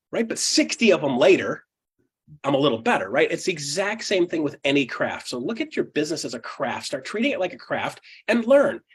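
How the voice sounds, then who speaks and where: A fairly high-pitched man with a husky, slightly rough voice presents a live seminar to real estate agents. He talks bluntly and energetically, drops casual swearing, laughs a lot and keeps asking the room "right?". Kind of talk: live seminar talk to an audience.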